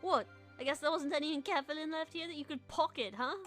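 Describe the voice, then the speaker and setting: A woman's voice: high voice, fast talker, a bit bright, soft background music. A woman voicing a brash scavenger from a game, speaking in a raised, indignant voice. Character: brash, pushy scavenger arguing for cash.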